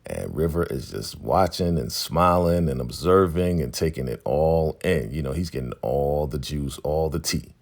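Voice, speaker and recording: Deep husky guy recapping a show, chatty and slangy. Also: expressive, moderate pace, few pauses, darkish tone. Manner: chatty, slangy, laughs along. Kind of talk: casual TV recap.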